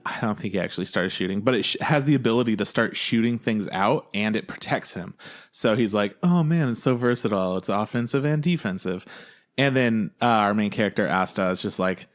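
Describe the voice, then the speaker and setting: Man, podcast co-host, low-ish voice, excitable, swears a lot, quick impressions. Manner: excitable, profane, acts out scenes in quick impressions. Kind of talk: casual chat.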